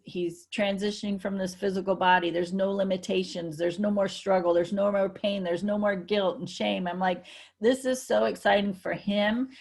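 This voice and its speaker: A woman with a gravelly edge to her voice co-hosts a relaxed spiritual chat. She tells stories with emphasis, slipping into quoted lines of her own speech, at a middle pitch. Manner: emphatic, storytelling, quotes herself often. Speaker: co-host.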